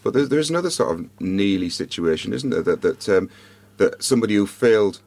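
Deep-voiced man, dry close sound. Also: expressive, fairly quick, vocal fry, a little mellow, no room sound. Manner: agreeable, brief interjections. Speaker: podcast co-host. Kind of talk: casual football chat and read-aloud story.

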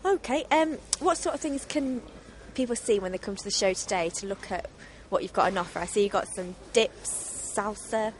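A woman's voice: mid-range voice, normal speed, hardly any pauses, a little hiss or hum. A woman co-hosting a show interview, friendly and a little hesitant. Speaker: co-host. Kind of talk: casual interview questions.

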